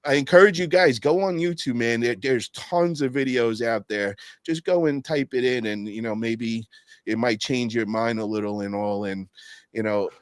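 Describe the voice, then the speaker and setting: A man's voice: mid-range voice, moderate pace, smooth, dry recording. A man hosting a podcast, telling stories in a loose, slangy way with lots of swearing. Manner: loose, profane storytelling with slang. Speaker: podcast host. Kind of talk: casual podcast chat.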